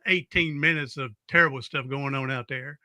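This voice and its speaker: Southern-drawling podcast host, bright and forceful. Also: male voice, medium pitch, moderate pace, dry recording, clean studio sound. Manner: drawling, relaxed, chatty. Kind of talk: casual interview chat.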